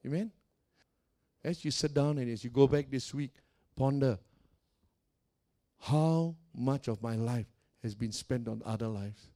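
A man preaching a sermon as pastor of a church, calling out to the congregation and swinging between soft and loud. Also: medium pitch, unhurried, pauses often. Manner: preaching with call-and-response and dramatic swings in volume.

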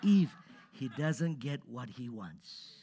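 A man's voice: medium pitch, animated, slow, background noise. A man preaching a sermon to a live congregation in church, talking conversationally and putting questions straight to his listeners.

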